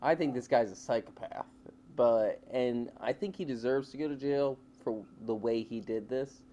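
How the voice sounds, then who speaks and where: A man co-hosting a casual comedy podcast, telling a story in an animated way and acting out the voices. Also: medium pitch, normal speed, dull audio, slight background noise. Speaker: podcast co-host.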